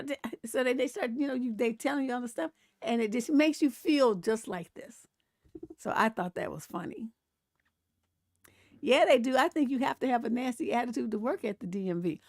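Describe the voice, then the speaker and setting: Sassy woman with a gravelly voice. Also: fairly high pitch, no room sound, clean studio sound. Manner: animated, sassy, laughs often, mimics grumpy voices. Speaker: relationship coach and show host. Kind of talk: casual live-stream commentary reading memes.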